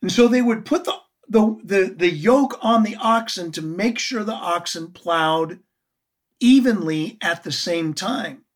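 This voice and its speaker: Slow, husky woman teaching a sermon. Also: mid-range voice. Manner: earnest, expressive, asks the audience questions. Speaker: Bible teacher.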